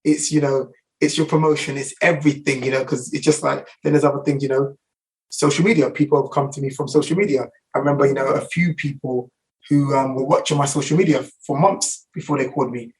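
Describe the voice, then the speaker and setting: A man's voice: medium pitch, fairly even intonation, far from the mic, rough recording. A middle-aged man with a London accent, a barber guest telling anecdotes in a casual interview, full of fillers and restarts. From England. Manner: rapid anecdotal, many fillers.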